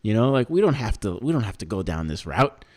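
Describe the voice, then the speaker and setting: Canadian male co-host, animated and jokey, quick to laugh, lots of pitch movement. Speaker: podcast co-host. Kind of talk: casual podcast chat.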